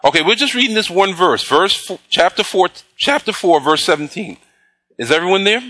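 Animated high-voiced preacher. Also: male voice. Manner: call-and-response questions to congregation; slow emphatic scripture reading. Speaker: pastor. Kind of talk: sermon.

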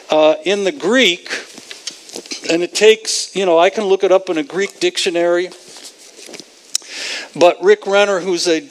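A man preaching a sermon, animated, acting out the scripture figures in voices. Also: high voice.

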